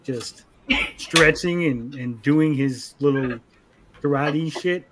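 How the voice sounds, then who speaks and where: A young man co-hosting a casual anime review, animated, acting out character lines in funny voices. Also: fairly high pitch, slow, background noise. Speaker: podcast co-host.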